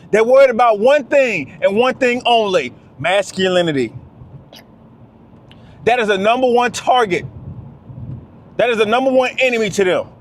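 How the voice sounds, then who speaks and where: High-voiced man ranting to the fellas. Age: 30s. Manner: preachy, repetitive, talks straight to "fellas". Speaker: vlogger. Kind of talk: impassioned monologue to camera.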